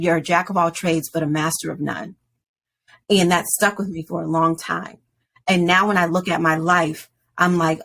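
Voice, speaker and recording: Woman in her 40s with a gravelly husky voice, animated storytelling on a podcast. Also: lowish voice. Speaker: podcast guest. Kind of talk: personal storytelling in an interview.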